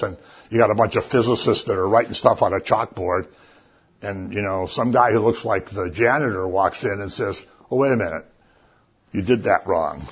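A man giving a sermon in a casual, conversational way, telling stories with lively asides. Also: fairly low pitch, breathy edge, highs cut off. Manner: conversational, animated storytelling with asides. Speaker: preacher.

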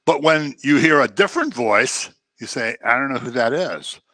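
Guy preaching, bouncy pitch, bright dry sound, acts out the voices. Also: moderate pace, dry recording. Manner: animated, acts out quoted voices. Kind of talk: sermon.

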